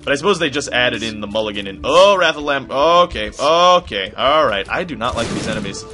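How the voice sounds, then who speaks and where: A young man giving casual gameplay commentary, rambling off-topic and swearing, with sudden loud outbursts. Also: medium pitch, animated, brisk, soft background music.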